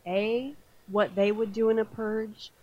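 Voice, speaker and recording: A woman hosting a casual podcast, her voice sitting at an ordinary middle pitch. She laughs often and swears freely as she chats. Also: fairly even intonation, a little slow, lo-fi sound. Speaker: podcast host. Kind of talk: casual chat.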